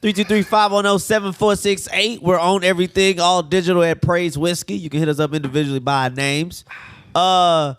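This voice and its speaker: Male co-host, slangy joker, high animated voice, dry close sound. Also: a little fast, smooth, no room sound. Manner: loose, joking, slangy banter. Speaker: podcast co-host. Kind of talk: casual comedy podcast chat.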